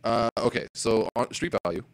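A man's voice: medium pitch, animated, moderate pace, poor audio. A man in a casual podcast chat, ranting with heavy swearing and putting on mocking voices. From Canada.

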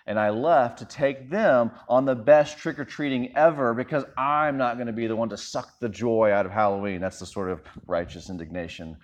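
A man's voice: mid-range voice, normal speed, few pauses, dull audio. A man in his thirties, a pastor preaching a sermon in a conversational, self-deprecating storytelling way.

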